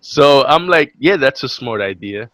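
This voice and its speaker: A profane young New man, a podcast co-host, tells a story in a casual chat, animated and acting out the quotes. His mid-range voice is unhurried and the recording has no echo.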